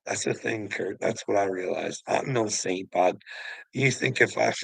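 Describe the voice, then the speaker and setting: A man's voice: fairly low pitch, gravelly, fairly bright tone, breathy edge, dry recording, rough recording. A man ranting on a livestream, preachy and taunting, swearing and mocking the person he addresses. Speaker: channel host. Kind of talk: confrontational livestream rant.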